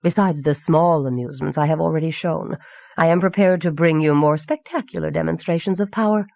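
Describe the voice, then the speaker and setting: A woman's voice: low voice, a little fast, vocal fry, darkish tone, no echo, muffled recording. A woman voicing a gloating evil sorcerer. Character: scheming twisted male sorcerer, gloating.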